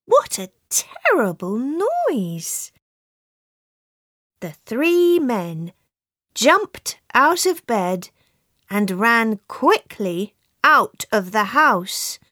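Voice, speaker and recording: Woman narrator for a learners' storybook, extremely slow and clear, lively rise and fall, dry booth sound. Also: on the high side, no echo. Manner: very slow, clear, expressive reading.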